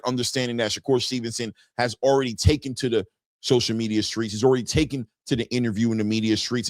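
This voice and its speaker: A man hosting a casual boxing talk livestream, reading viewer chat messages aloud in an animated, slangy way, repeating phrases and laughing often. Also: mid-range voice, no echo, clean studio sound. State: just woke up.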